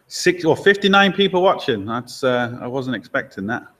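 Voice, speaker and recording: A man's voice: mid-range voice, sing-song, normal speed, a bit bright. A man, a garage owner chatting casually on a live stream, answering viewer questions with easygoing, blunt opinions and frequent laughs. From Lincoln, England.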